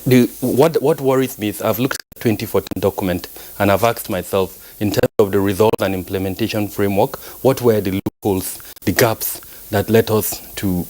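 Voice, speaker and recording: A man speaking as a security analyst guest on a live news panel, measured and hesitant, with many fillers and restarts. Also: lowish voice, darkish tone, rough recording. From Nigeria.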